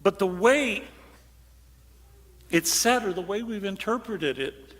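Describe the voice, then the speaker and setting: High bright-voiced priest in a reverberant church. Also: male voice, slow pace. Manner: animated, acts out quotes in hushed voices, sudden shout. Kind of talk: homily. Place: large church.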